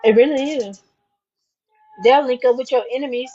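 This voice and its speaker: A woman's voice: high voice, normal speed, warm tone, muffled recording. A woman ranting casually to the camera, repeating herself for emphasis and speaking straight to the viewer.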